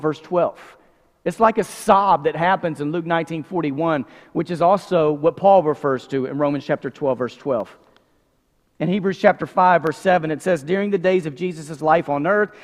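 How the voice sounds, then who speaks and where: A man in his forties preaching a sermon, conversational with many asides, dropping soft and low when reading scripture. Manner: conversational, frequent "like", softens to near whisper on scripture. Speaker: pastor. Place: church sanctuary. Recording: long hall reverb.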